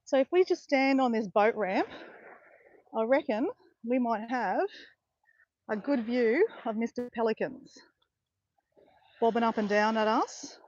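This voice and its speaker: A woman's voice: a little high, a little slow, pauses often, darkish tone, no room sound, dull audio. A middle-aged woman with an Australian accent, chatting casually and rambling while she streams a live walk on the beach, often correcting herself. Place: outdoors on a beach.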